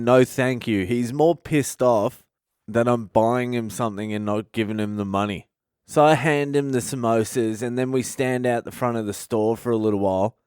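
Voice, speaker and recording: A man's voice: mid-range voice, darkish tone, smooth, dry recording, clean studio sound. Sweary man telling a comic story. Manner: profane, laid-back storytelling. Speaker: comedian podcast host. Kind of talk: comedic storytelling monologue.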